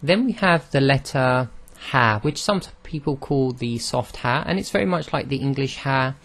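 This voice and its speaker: A man of middle pitch gives a recorded lesson on how Arabic letters are pronounced. He explains patiently, step by step, and models each sound aloud for his listeners to copy. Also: lively intonation, moderate pace, a bit bright. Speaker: Arabic pronunciation teacher.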